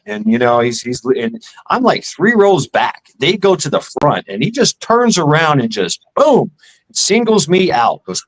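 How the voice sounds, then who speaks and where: A man's voice: fairly high pitch, very animated, normal speed, rough recording. A middle-aged man telling casual stories in a rambling, profane way, acting out the lines of the people in them. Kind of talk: casual storytelling.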